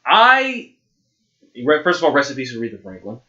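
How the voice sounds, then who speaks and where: A man's voice: mid-range voice, huge pitch swings, brisk, sharp tone. A young man hosting a casual podcast chat, rambling and restarting as he steers the topic. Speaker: podcast host. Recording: dull lo-fi sound.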